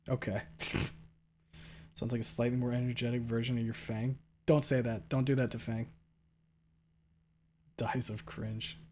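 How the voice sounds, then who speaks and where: A young man streaming and chatting casually, reading viewer messages aloud in a jokey, rambling way that swings from loud excited bursts to low mumbled asides. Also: a little hiss or hum.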